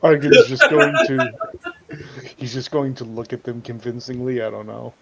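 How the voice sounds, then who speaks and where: A man's voice: mid-range voice, fairly even intonation, moderate pace, gravelly, crowd noise. A man playing a tabletop game, speaking hesitantly with frequent ums. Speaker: player. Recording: dull lo-fi audio, faint hiss.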